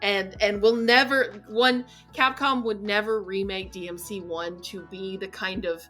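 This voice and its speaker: Bright, lively woman co-host; casual gaming banter, quick to laugh. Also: medium pitch, faint music behind. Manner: animated, laughs often, ends points with "right?". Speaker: podcast co-host.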